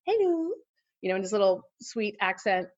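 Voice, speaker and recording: A woman's voice: mid-range voice, measured pace, lo-fi sound. A woman in her forties, a podcast guest, telling a personal story in casual interview chat with lots of fillers and laughter. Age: 40s.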